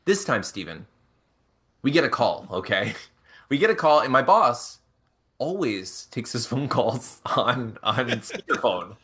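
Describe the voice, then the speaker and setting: A man hosting a podcast, telling a casual story in an animated way with frequent chuckles and restarts. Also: medium pitch, measured pace. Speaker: podcast host.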